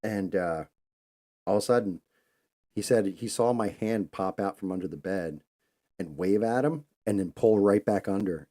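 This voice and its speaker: Host, male, low and mellow, casual rambling storyteller. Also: expressive, normal speed. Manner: rambling, loose, conversational. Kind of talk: casual live-stream storytelling.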